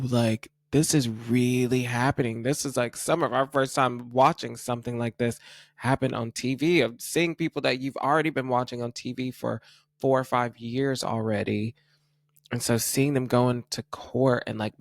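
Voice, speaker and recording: A man's voice: mid-range voice, dry recording, studio quality. A man hosting a casual pop culture podcast, gushing and chatty, using "like" a lot and laughing at his own slips. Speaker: podcast host.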